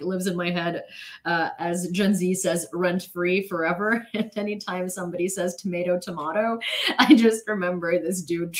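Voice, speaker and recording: Chatty young woman streamer, laughing. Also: on the low side. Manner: rambling, full of "like" and restarts, laughs often. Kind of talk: casual storytelling to a live chat.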